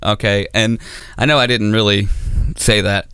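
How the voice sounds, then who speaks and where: A man's voice: fairly low pitch, fairly even intonation, moderate pace, noisy background. A man doing a stand-up set on stage, rambling and self-mocking with stammering restarts. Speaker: stand-up comedian. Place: comedy auditorium stage.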